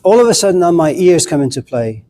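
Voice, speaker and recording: Middle-aged guy teaching a class, casual and blunt, kinda high voice, playing out little scenes with students. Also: sing-song, quick pace, dark tone. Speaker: philosophy lecturer.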